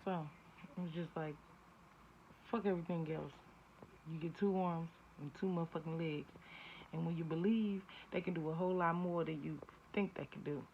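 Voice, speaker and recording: A woman with a lowish voice talks straight into the camera through a casual tarot and spiritual reading, blunt and full of profanity. She often builds into heated rants. The audio is dull and lo-fi, with a faint hiss underneath. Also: fairly even intonation, normal speed. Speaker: spiritual reader.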